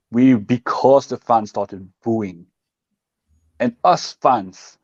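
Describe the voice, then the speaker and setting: Co-hosting a football fan show, this man talks with passion and emphasis in casual chat, acting out what other people said. His voice is fairly low and darkish, and the recording is muffled with no room sound.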